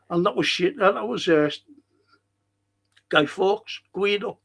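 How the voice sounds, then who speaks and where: A man hosting a talk show, giving an impassioned monologue and reciting verse with slow, emphatic delivery and dramatic pauses. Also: high voice, gravelly, sharp tone, breathy edge. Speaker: radio show host.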